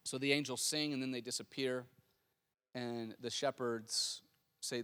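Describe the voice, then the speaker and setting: A man's voice: medium pitch, fairly even intonation, measured pace, a bit bright, clear, resonant tone, big-room sound. A male pastor preaching a sermon, telling the story animatedly with frequent restarts.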